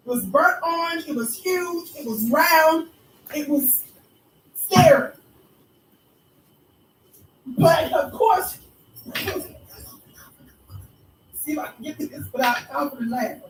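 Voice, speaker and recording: A woman's voice: sits high, slow, pauses often, far from the mic, a little hiss or hum. A woman vlogger telling a mocking story in an emphatic, preacher-like way, recorded in an echoey room away from the mic with faint music. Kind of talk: storytelling commentary.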